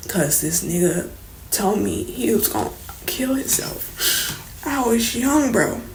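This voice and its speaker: A woman's voice: mid-range voice, very animated, takes it slowly. A young woman telling a personal story in a casual, candid vlog, slangy and swearing as she goes. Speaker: vlogger telling her story. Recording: roomy echo, faint background noise.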